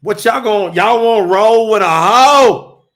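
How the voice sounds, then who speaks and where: A man preaching on a livestream, his voice high and rough with gravel, and he takes his time with the words. He builds to emphatic shouts and then eases into loose, conversational talk with his viewers, calling them y'all. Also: a little slow. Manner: fiery and emphatic, rising to shouts; addresses the audience as y'all, loose and conversational between points. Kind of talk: livestream sermon and chat with viewers.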